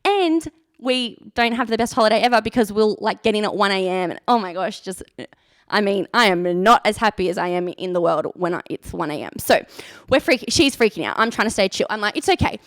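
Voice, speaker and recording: A woman's voice: medium pitch, animated, brisk, no room sound, studio quality. A young woman, a youth leader, telling a chatty, self-mocking story on a live stream, full of "like".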